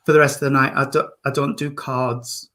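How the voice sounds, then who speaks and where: A man's voice: medium pitch, level tone, brisk, a bit bright. A man, a reverend and medium, hosting an online service with affectionate, chatty readings over a video call. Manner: affectionate, calls people darling and sweetheart.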